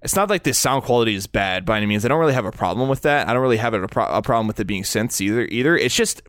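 A man's voice: mid-range voice, animated, rapid-fire, a bit bright, no room sound, clean studio sound. A man co-hosting a casual podcast, talking with lots of restarts and fillers. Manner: hesitant, many restarts and fillers. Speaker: podcast co-host. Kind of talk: casual chat.

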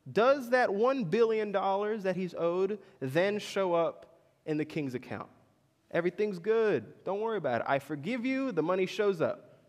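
Lively preaching man in echoing hall. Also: high-pitched. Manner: conversational preaching with questions to the congregation. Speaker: pastor. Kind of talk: sermon. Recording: long reverb in a large hall.

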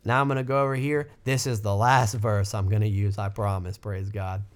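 A man's voice: fairly even intonation, moderate pace, clear, resonant tone. A man hosting a podcast, giving an informal, fervent sermon with asides and restarts. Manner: fervent, exclaiming, lifts pitch when quoting scripture. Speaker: podcast host teaching the Bible.

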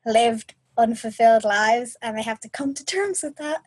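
A woman co-hosting a podcast in a casual chat, chatty and animated as she retells a story. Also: fairly high pitch, normal speed, slightly rough, no echo, rough recording. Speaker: podcast co-host.

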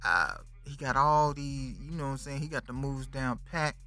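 Podcast host, man in his 30s, casual slangy movie talk, lively delivery, bright tone. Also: mid-range voice, normal speed, faint music behind. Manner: animated, slangy, talks to the listener. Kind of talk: casual movie review chat.

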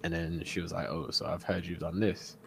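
Low-voiced young man telling a story. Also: brisk, vocal fry, a little hiss or hum. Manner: animated storyteller, acts out quotes, laughs often. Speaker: podcast co-host. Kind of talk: casual storytelling chat.

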